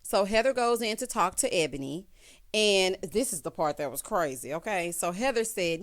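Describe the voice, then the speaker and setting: A woman hosting a casual recap of a reality show, sassy and animated, often calling viewers honey. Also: medium pitch, moderate pace.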